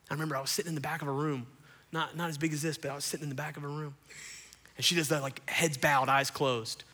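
Man, pastor, sermon, animated storytelling, bright ringing voice, slightly high, long hall reverb. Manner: animated storytelling, addresses crowd as y'all.

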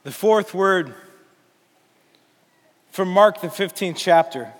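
Slow, high-pitched preacher man. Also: lively intonation. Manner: slow, deliberate, rising to emphatic declarations. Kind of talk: sermon. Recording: long hall reverb.

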